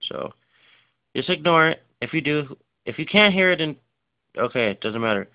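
A man's voice: on the high side, lively intonation, vocal fry. Tired, rambling man on lo-fi audio. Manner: rambling, filler-heavy, rushed. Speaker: game collection vlogger. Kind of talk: casual unscripted show-and-tell. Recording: dull lo-fi recording.

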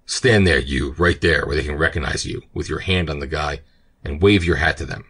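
A man's voice: rumbling low, a little fast, fairly bright tone, slightly rough, heavily acted. Savage pirate captain, read by a man. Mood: commanding. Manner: barking harsh commands. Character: cruel, cunning male pirate captain. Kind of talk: audiobook character reading.

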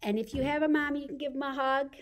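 Gentle high-voiced woman librarian. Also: fairly even intonation, fast talker. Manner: gentle, sing-song, coaxing tone for little ones. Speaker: children's librarian. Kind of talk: baby storytime with songs and rhymes.

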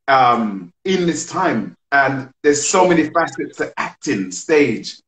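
Male host, mid-pitched, eager and talkative, roomy echo on the voice. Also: sing-song, takes it slowly, fairly bright tone. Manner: enthusiastic, chatty, friendly. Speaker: interview host. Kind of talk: casual interview. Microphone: live video call. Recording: roomy echoey room sound.

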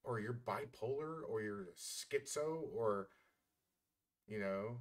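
A man's voice: fairly low pitch, expressive, slow pace. A man giving heated reaction commentary, blunt and scornful, swearing freely as he mocks the clip.

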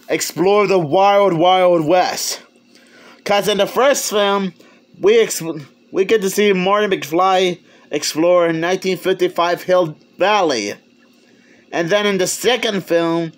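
High-voiced man rambling through a review. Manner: rambling, halting, many restarts, chuckles. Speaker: movie reviewer. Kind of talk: casual video review.

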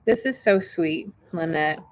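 A woman hosting a casual vlog, opening mail from viewers and talking warmly and emotionally, close to tears at times. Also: sits low, lively intonation, a little slow. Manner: chatty and emotional, near tears.

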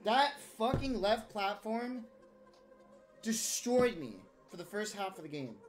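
A woman's voice: medium pitch, very animated, slow. A woman streaming a game, giving live commentary as a profane, frustrated rant. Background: game music.

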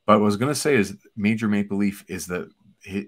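A man in his forties co-hosting a casual comic book discussion, relaxed, chatty and enthusiastic. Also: on the low side, fast talker. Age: 40s. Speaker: podcast co-host.

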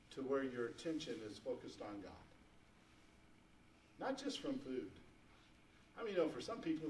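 Fervent preacher in an echoey church. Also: male voice, on the high side, darkish tone, slight background noise. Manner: folksy, rising to fervent emphasis. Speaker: pastor. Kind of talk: sermon. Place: church sanctuary. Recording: echoey church room, mic at a distance.

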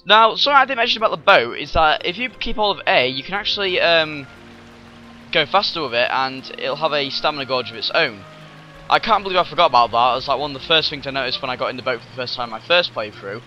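A man hosting a let's play, commenting in a rambling, excitable way with lots of fillers and sudden outbursts, over faint game music on a dull lo-fi recording. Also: a little high, fast.

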